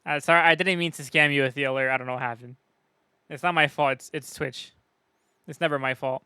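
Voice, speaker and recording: A man's voice: a little high, fairly even intonation, a little fast, bright, forceful tone, clear, resonant tone, no echo, studio quality. A man chatting casually on a live stream, judging game maps, profane and joking with frequent laughter.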